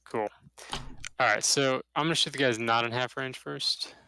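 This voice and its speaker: A man playing a tabletop wargame and talking it through as he goes. He works out rules and counts rolls out loud in a relaxed, casual way. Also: medium pitch, moderate pace, clean tone, no echo. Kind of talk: casual game talk, thinking aloud.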